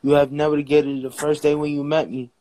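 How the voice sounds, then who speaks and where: A young man with a somewhat high voice, hosting a livestream and arguing in a heated, pleading way. He repeats himself as he presses his point. The sound is close and dry. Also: level tone, brisk, mellow, no echo, low-quality recording. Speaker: livestream host. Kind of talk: livestream argument.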